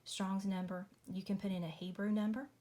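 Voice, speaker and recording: A woman walks viewers through a Bible study in a relaxed home video. She talks in a chatty, apologetic way, peppering her explanations with y'all, at an ordinary middle pitch. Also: brisk. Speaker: Christian video host. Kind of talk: casual Bible study walkthrough. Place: home at night.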